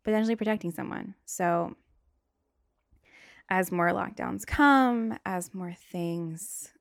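A young woman talks through a casual solo podcast with blunt, profane stories. Her voice sits a little low with a gravelly edge, and the sound is close and dry. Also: slow, no echo. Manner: blunt, profane storytelling with acted outbursts. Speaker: podcast host.

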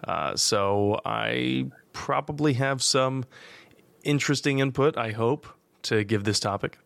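A man's voice: mid-range voice, slow pace, vocal fry, a bit bright, no echo. A man guesting on a podcast, talking in an easygoing, jokey way with casual restarts.

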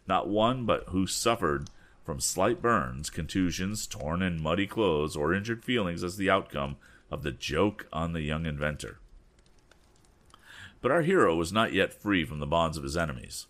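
Man, storyteller, very low voice, relaxed read-aloud, lively pitch. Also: normal speed. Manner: relaxed, chatty asides with fillers between reading; voices the boys' lines with raised pitch. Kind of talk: casual read-aloud narration with asides.

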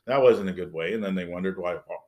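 A man's voice: deep voice, fast, dark tone. A man co-hosting a podcast in casual chat, wry and rambling, trailing off at times. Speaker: podcast co-host.

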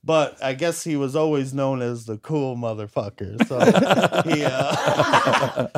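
A man's voice: mid-range voice, expressive, slow, over a noisy crowd. A man, a podcast guest, telling a family story in casual chat and laughing often.

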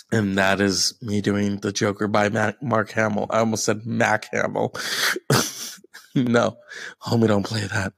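A husky young man chatting on his comedy podcast, loose and playful. He swears casually and takes his time, in a slow, unhurried delivery. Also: fairly low pitch, flat delivery. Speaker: podcast host.

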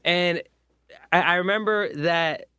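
A man's voice: high voice, takes it slowly, pushed and bright, clean tone, no echo. Laid-back man chatting casually. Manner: laid-back, swears freely, puts on goofy voices in quotes. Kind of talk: casual chat.

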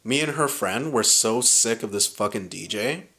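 A man's voice: mid-range voice, normal speed. Guy in his 30s telling a story on a podcast, swears a lot, does everyone's lines, normal mid voice. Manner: animated, profane, acts out quoted lines. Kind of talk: casual storytelling chat.

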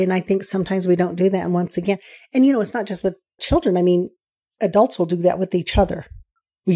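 Earnest woman parenting counselor, mellow voice. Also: mid-range voice. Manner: earnest, animated when quoting parents. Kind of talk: conversational interview.

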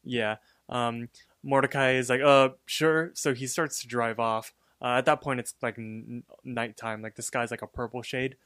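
A man co-hosting a podcast talks through a cartoon episode in a loose, filler-heavy way. His voice sits in a middle pitch and the recording is dry and close. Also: moderate pace, dry recording. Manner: relaxed, filler-heavy storytelling. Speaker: podcast co-host. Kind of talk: casual episode recap.

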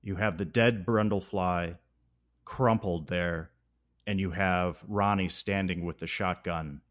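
A man with a fairly low voice walks through a film's plot in a podcast chat. He is animated, and his voice sinks low and hushed when the story turns tragic. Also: takes it slowly. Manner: enthusiastic, dramatic plot recap that drops low and solemn at sad moments. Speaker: podcast host.

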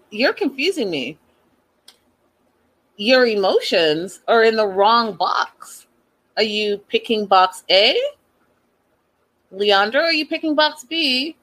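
A woman hosting a reality TV recap, giving sassy and animated opinions and repeating her points for emphasis. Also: a little high, slow, low-quality recording. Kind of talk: casual opinionated commentary.

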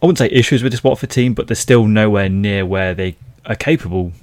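Male pundit, low voice, casual, full of ums and restarts, dry recording. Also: a little fast, darkish tone, no room sound. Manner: conversational, with frequent fillers and restarts. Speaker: football pundit. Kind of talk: casual football podcast chat.

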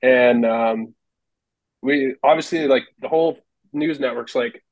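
A man's voice: medium pitch, measured pace, dry recording, rough recording. A man, a former hockey goalie, telling rambling stories as a podcast guest and laughing often. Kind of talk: casual storytelling.

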